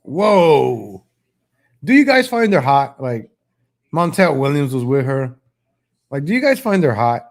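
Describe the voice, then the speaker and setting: A man hosting a live political stream in a loose, casual way. His voice sits a little high for a man, and his talk is mocking and rambling, full of restarts. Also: very animated, measured pace, pauses often.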